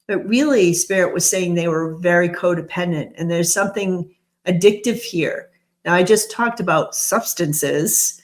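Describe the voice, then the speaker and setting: A woman's voice: on the low side, a little slow. A woman giving a tarot reading, musing aloud and stressing single words for drama. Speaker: tarot reader. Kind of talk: channeled tarot reading commentary.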